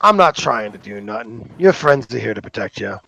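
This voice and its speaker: A man's voice: lowish voice, big pitch swings, a little fast, creaky, sharp tone, voice pushed down, exaggerated voice, poor audio. A man playing a blunt hired swordsman. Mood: firm. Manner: blunt, plainspoken.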